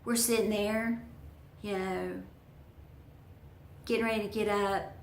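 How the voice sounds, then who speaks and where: A woman's voice: mid-range voice, fairly even intonation, slow pace, echoey room, a little hiss or hum. A woman telling a personal story to her viewers in a chatty, folksy way. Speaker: vlogger. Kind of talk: storytelling vlog.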